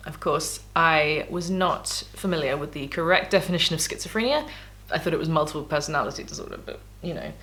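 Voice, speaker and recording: A woman's voice: sits low, fairly quick, fairly bright tone. A woman vlogging casually as she reads her old diaries aloud, candid and self-mocking, laughing often. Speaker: YouTuber.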